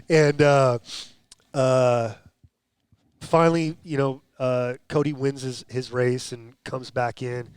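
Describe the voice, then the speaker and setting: A man's voice: mid-range voice, moderate pace, clean tone, no room sound. A man chatting as a podcast guest, telling stories with restarts and acted-out quotes. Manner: animated storyteller, restarts and acts out quotes. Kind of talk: casual podcast chat.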